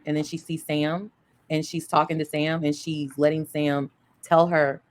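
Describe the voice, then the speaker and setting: A woman with a low voice retells scenes from a show with relish and plenty of slang. Her delivery is relaxed and conversational. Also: normal speed. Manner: expressive storytelling, slangy. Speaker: podcast co-host. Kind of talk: casual TV recap chat.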